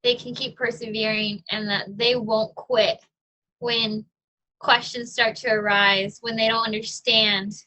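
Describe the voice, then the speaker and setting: A woman's voice: on the high side, sharp tone, poor audio. A young adult woman, a guest speaker, giving a casual, chatty personal testimony with fillers and frequent laughs.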